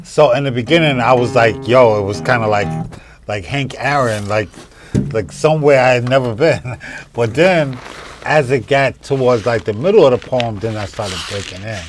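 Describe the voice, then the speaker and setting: A man's voice: medium pitch, normal speed. Man, interview host, laughs often, persistent questions, faint guitar music behind. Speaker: show host. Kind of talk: casual interview chat.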